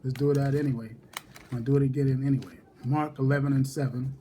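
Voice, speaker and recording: A man teaching a casual Bible study, repeating each verse reference and reading scripture slowly and deliberately. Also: medium pitch, fairly even intonation, dark tone, slight background noise.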